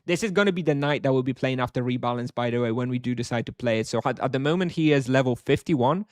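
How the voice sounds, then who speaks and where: A man's voice: mid-range voice, fast, a little mellow, dry recording, studio quality. A man streaming a game live, chatting casually and answering viewers at length. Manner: rambling, reads chat aloud and answers.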